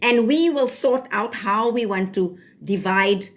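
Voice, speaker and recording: A woman's voice: mid-range voice, measured pace. Firm South African woman livestreamer. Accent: South African (Cape Town). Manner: firm, scolding, mixes Afrikaans phrases. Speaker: livestream host. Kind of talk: live stream chat reading comments.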